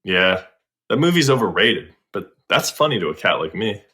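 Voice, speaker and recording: A male podcast co-host with a lowish, bright voice that moves a lot in pitch. He chats in a slangy, easygoing way among friends. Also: sing-song, normal speed. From United States. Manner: slangy and laid-back. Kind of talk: casual comedic chat.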